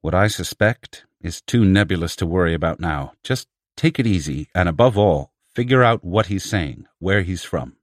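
A guarded male advisor with a low, deep voice, read by a male narrator. He warns in clipped, careful phrases, close and dry on the mic. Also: expressive, normal speed, few pauses, dry recording. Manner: cautioning, clipped.

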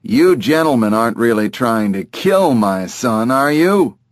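A man's voice: mid-range voice, lively intonation, unhurried, no room sound, clean studio sound, lightly acted. A man reading an audiobook, voicing a chatty gray talking parrot that mimics people's voices.

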